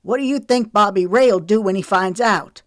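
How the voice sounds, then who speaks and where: A woman voicing a nervous, cornered young man who talks fast and loud, in an audiobook reading. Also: mid-range voice, no room sound, studio quality, pitched above the performer's own voice, lightly acted. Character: agitated young man lashing out in panic.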